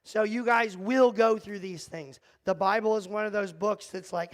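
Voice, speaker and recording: A man's voice: high-pitched, steady tone, moderate pace, few pauses, dry recording, rough recording. A middle-aged man leading a church youth group, joking and teasing the kids as he teaches, speaking into a mic. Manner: joking, self-deprecating, talks to the kids in the room. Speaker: youth pastor. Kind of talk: casual youth group talk. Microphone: handheld or headset mic.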